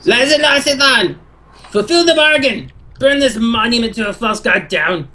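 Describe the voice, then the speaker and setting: A man voicing a fanatical zealot shouting commands at a dragon in a shrill voice. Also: expressive, normal speed, exaggerated voice. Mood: fervent.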